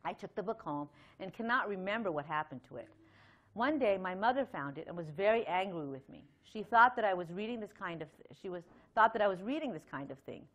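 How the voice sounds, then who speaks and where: A middle-aged woman gives a Sunday temple lecture, speaking conversationally with plenty of fillers and light laughs, and reading a long letter aloud. Her medium-pitched voice is a bit bright, with lively intonation and a slightly fast pace.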